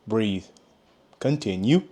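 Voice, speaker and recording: A man hosting a live reaction, repeating key points with drawn-out pauses as he comments on a caller's story. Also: lowish voice, animated, dark tone.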